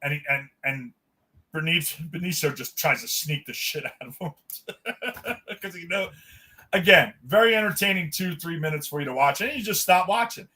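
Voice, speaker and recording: A man co-hosting a podcast, telling a story in a lively, casual way, acting out the lines he quotes and swearing freely. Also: fairly high pitch, moderate pace. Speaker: podcast co-host. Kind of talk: casual chat.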